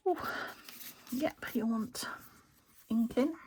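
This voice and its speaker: A British woman crafting a journal, talking to herself as she works and often trailing into soft half-whispers. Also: on the high side, takes it slowly, slight background noise. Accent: British English. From United Kingdom. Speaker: craft channel host. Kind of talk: casual crafting commentary.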